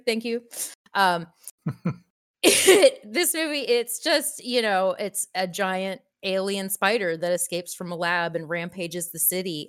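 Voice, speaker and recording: A woman's voice: lowish voice, fairly bright tone. A woman co-hosting a casual film podcast, speaking hesitantly with many fillers. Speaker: podcast co-host. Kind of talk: casual chat about films.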